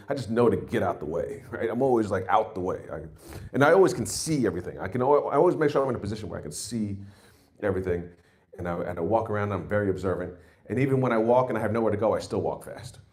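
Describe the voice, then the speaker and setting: Brief: forties New comic, low voice with big swings in pitch, loose and self-mocking. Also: male voice. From New York. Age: 40s. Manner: rambling and self-mocking, with loud jumps into put-on exclamations. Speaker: stand-up comedian. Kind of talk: stand-up set.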